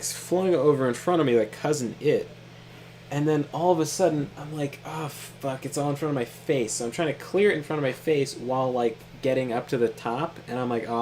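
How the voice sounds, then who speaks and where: A man's voice: medium pitch, a little hiss or hum. Laughing, swearing young man telling a story. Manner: animated, laughs often, swears casually. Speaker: co-host of a gaming stream. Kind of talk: casual storytelling while gaming.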